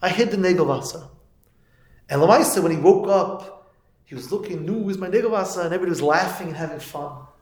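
A man with a high voice delivers a Torah lecture, telling a story and then rising into emphatic moral preaching. His talk is full of Yiddish and Hebrew terms, and the room around him rings with echo. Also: fairly quick, darkish tone. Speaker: teacher of yeshiva students. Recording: echoey room.

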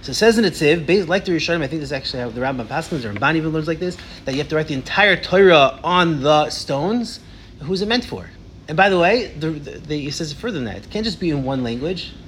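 A man leading a casual Torah discussion, telling stories in an animated way with many restarts. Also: on the high side, fast, a little hiss or hum.

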